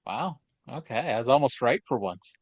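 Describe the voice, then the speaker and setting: A podcast co-host with an animated, mid-range voice that is darkish and slightly rough talks at a moderate pace. He wanders through stories on this casual chat show, hesitating and using many fillers, in a dull, lo-fi, dry recording.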